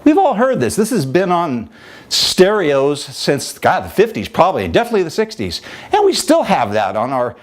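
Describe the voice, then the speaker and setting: A man's voice: fairly high pitch, huge pitch swings, normal speed. A man teaching as a vocal coach, talking in a conversational, demonstrative way. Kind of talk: instructional talk with vocal demonstrations.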